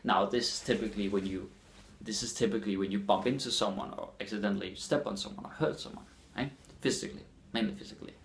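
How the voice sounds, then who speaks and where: A man with a Danish accent teaching his language in a casual lesson, repeating phrases slowly for learners. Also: fairly low pitch, fairly even intonation, vocal fry, slight background noise. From Denmark.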